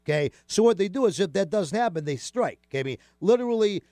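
A man hosting a casual radio talk show, chatty and animated, with many fillers and restarts. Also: sits high, quick pace, no room sound, studio quality.

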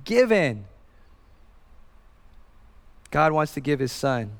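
A man's voice: on the high side, sing-song, slow. Guy in his 30s preaching, talks casual with lots of "like", echoey sanctuary with a long reverb tail. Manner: earnest, conversational preaching with frequent fillers and restarts. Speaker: pastor. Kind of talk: sermon. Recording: reverberant hall.

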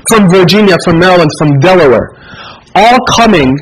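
A man's voice: high-pitched, animated, moderate pace, slight background noise, rough recording. A man who is an imam, giving an impassioned Friday sermon and repeating phrases for emphasis.

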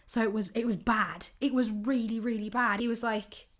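A young woman with a slightly high voice. She tells a personal dating story in a casual, animated way. She slips into the voices of both sides of the conversations. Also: moderate pace. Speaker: vlogger giving dating advice.

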